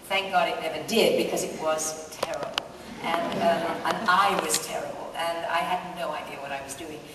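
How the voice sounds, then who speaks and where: A woman's voice: low voice, steady tone, moderate pace, very noisy. An older woman telling amused, self-deprecating stories as a guest at a live interview, laughing often. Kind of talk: anecdotal storytelling at a live interview. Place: large hall at a book festival with an audience. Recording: distant, echoey hall recording.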